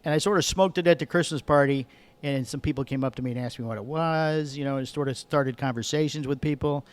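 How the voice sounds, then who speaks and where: On a podcast, a middle-aged cigar sales manager from Michigan tells a rambling story as a guest, correcting himself as he goes. He talks fast in a mid-range voice, in a chatty, casual storytelling style.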